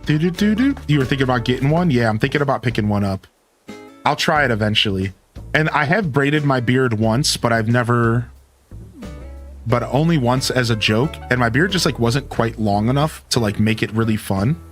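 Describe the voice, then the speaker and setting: At normal speed and medium pitch, a young male live streamer chats casually, his dynamic voice climbing and falling. His laid-back, animated talk is packed with "like" and "dude," faint guitar plays behind, and he uses a studio mic with an equalizer and cutoff.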